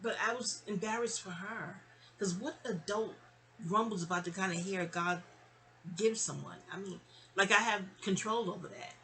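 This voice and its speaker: A woman from New York tells a personal story in a bright, ringing voice. She rambles and digresses, addresses her listener directly, and slips into other people's voices when she quotes them. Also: mid-range voice, normal speed, low-quality recording. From New York (Queens). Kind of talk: casual storytime monologue.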